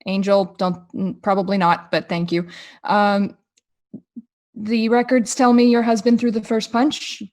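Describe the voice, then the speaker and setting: A woman playing a tabletop game, speaking in a calm, somewhat hesitant way. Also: medium pitch, measured pace. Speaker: player. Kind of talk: tabletop role-play.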